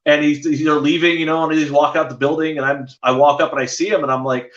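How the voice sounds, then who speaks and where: A man's voice: a little high, fairly even intonation, fast talker, few pauses, fairly bright tone, echoey room, dull audio. A man, a podcast guest, rambling through casual stories with many fillers and restarts. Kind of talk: casual storytelling chat.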